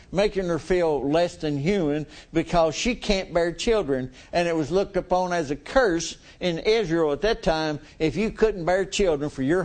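A man's voice: a little high, a little mellow. A middle-aged male preacher giving a folksy, conversational sermon, chuckling often and asking the congregation questions.

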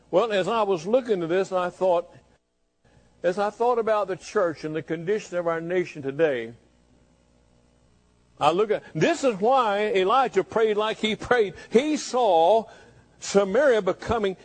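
A man preaching a fervent sermon, reading scripture and pressing the congregation with questions. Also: high-pitched. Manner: fervent, rising to impassioned questioning.

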